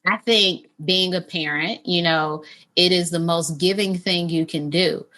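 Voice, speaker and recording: Candid woman guest, low and bright. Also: steady tone, a little slow. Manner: candid, earnest, warmly emphatic. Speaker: author and interview guest. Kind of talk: candid conversational interview.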